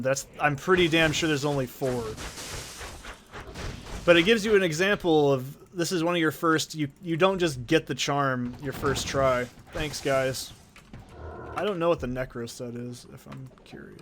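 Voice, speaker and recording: A man's voice: mid-range voice, a bit bright, slight background noise. Profane, rambling gaming commentator man. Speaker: gaming channel host. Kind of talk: let's play commentary, casual chat.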